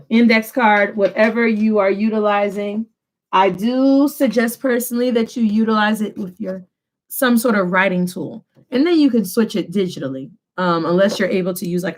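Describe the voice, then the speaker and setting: A woman teaching a Spanish lesson, switching between English and Spanish and slowing down to stress key phrases. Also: medium pitch. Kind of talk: classroom lesson.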